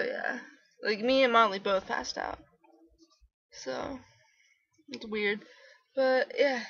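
A young woman rambles sleepily into her camera from her bedroom, full of ums and likes. Her voice sits a bit high. The sound is dull and lo-fi, like a built-in webcam mic. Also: creaky, a bit bright. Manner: sleepy, rambling, many fillers. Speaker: vlogger. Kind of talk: casual vlog chat. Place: bedroom at home.

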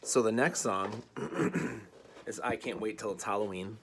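A man teaching an online music lesson for children, patient and clear, leading rhythm chants and songs. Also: lowish voice, animated, noisy background. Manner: slow, patient, sings and chants rhythm games.

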